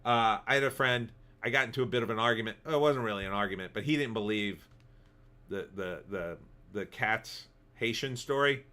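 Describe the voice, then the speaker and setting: A man's voice: lowish voice, moderate pace, pushed and bright. A man hosting a livestream, rambling casually as he reads viewer comments. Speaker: livestream host. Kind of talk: casual commentary reading chat.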